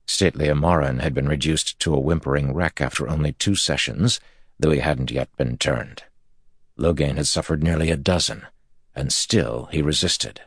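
Super deep gravelly guy reading an audiobook, husky, really dry sound. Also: normal speed, dry recording. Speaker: audiobook narrator. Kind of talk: scripted narration.

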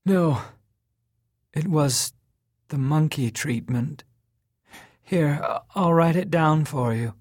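A man's voice: on the high side, takes it slowly, long pauses, darkish tone, dry recording, studio quality, voice pushed up. A man doing a faint, exhausted gaunt man. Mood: faintly insisting. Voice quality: thin, faint, tired voice. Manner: weak and whispery, trailing off.

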